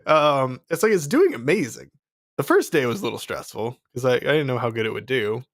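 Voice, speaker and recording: A man's voice: mid-range voice, big pitch swings, fairly quick, a bit bright, dry recording, clean studio sound. A young man in casual livestream chat, rambling with many fillers and frequent laughs. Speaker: streamer selling his course.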